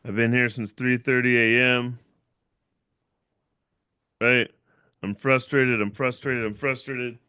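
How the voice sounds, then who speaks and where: Hosting his own livestream, a young man slowly tells a long personal story with long pauses, rambling casually, repeating himself and using fillers like "right?". His mid-range voice has a flat delivery yet a bright, forceful, clear and resonant tone, in studio-quality sound with no echo.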